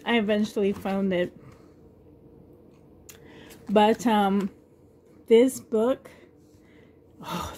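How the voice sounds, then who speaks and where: A middle-aged woman vlogger chats and rambles casually while showing things, giggling often. Her voice is medium-pitched with a dark tone.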